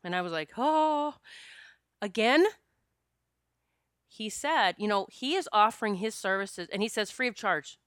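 A woman recounts a personal spiritual story in an earnest, conversational way, often circling back to restart a thought. Her voice is bright and smooth. The recording is dry, with no room sound. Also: medium pitch, animated, a little fast, few pauses, no echo.

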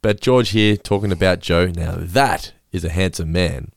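An Australian man co-hosting a casual podcast in a lowish voice. He chats loosely, trips over his words and restarts them. The sound is close and dry. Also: normal speed, vocal fry, no echo. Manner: chatty, stumbles and restarts, laughs often. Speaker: podcast co-host. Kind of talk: casual chat recapping episodes.

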